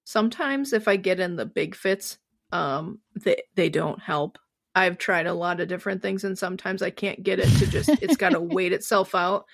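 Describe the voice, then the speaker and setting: A woman's voice: lowish voice, normal speed, gravelly, no room sound, clean studio sound. A young woman co-hosting a podcast in casual chat, talking freely, laughing often and swearing now and then. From Wisconsin. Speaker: podcast co-host.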